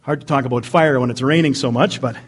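A man preaching a sermon as pastor, animated, swinging from near-yelling down to quiet asides. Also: mid-range voice, quick pace, slightly rough. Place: church sanctuary.

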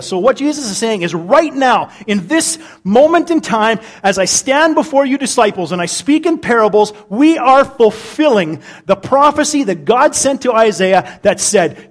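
High-voiced man preaching a sermon. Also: animated, normal speed. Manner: conversational, repeats words when searching. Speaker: pastor.

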